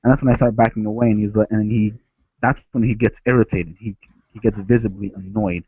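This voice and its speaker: A man's voice: on the low side, fairly even intonation, a little fast, breathy edge, dry recording. Man telling a story over a tinny line. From Ecuador. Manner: rambling, with frequent restarts. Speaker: caller. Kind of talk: phone-in storytelling. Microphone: headset. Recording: dry, tinny phone-like line.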